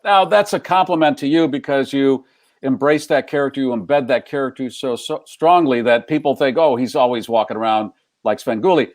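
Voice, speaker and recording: A man's voice: medium pitch, normal speed, dry recording. An older American man from the United States, hosting a talk show in a joking, playful way and riffing with puns. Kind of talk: casual interview chat.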